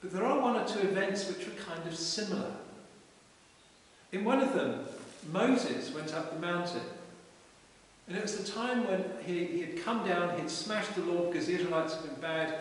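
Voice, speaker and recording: A man preaching a relaxed, conversational sermon in a parish church, retelling stories informally with frequent restarts. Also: high voice, moderate pace. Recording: echoey church hall from far off with hiss.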